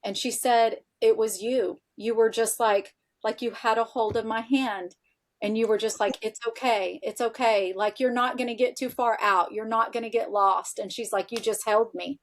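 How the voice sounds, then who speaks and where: High-voiced woman telling an animated story. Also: normal speed. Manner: animated, chatty, frequent "like" fillers, acts out quoted dialogue. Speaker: guest. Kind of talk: casual storytelling in a podcast interview.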